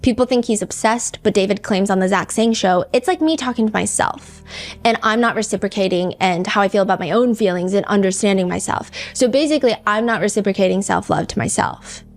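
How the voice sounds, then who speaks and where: A woman's voice: medium pitch, a little fast, faint music behind. A woman hosting a true-crime podcast, chatting casually and reading lyrics and comments aloud. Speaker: podcast host.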